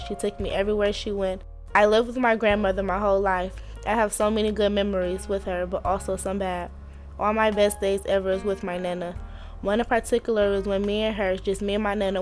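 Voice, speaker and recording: A teenage girl reading her own personal story aloud in a steady, earnest way. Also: mid-range voice. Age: teens. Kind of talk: read personal narration.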